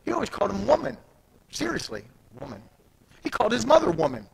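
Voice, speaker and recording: Gravelly animated male preacher. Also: high-pitched, fast talker, crowd noise, low-quality recording. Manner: animated, swings from soft asides to loud emphatic peaks; conversational, retells scripture in everyday speech. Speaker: pastor. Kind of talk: sermon.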